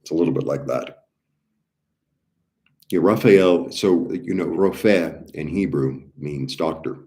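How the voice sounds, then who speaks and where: A man's voice: deep voice, slow pace, gravelly, darkish tone. A man giving a casual, rambling spiritual talk about healing, with many fillers and restarts. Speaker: spiritual healer.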